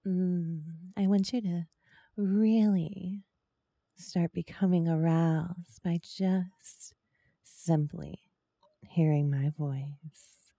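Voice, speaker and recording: A woman in whispered role-play, speaking softly and coaxingly, with teasing murmurs close to the microphone. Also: lowish voice, fairly even intonation, no echo. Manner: soft, slow, coaxing and teasing, with breathy murmurs. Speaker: ASMR role-play performer.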